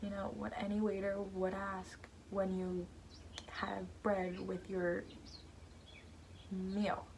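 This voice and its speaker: A woman's voice: mid-range voice, completely flat delivery, slow pace, pauses often, darkish tone, slight background noise. A teenage girl vlogging, chatting casually about her embarrassing moments with lots of "like" and rambling asides. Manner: chatty, rambling, heavy use of "like". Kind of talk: casual storytelling to camera.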